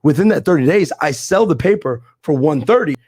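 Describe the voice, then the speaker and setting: A man's voice: a little high, expressive, a little mellow, husky, no echo, clean studio sound. A young man, a podcast guest, telling his story and explaining deals in emphatic, slangy casual talk. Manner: fast, emphatic, street slang. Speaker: podcast guest, real estate investor.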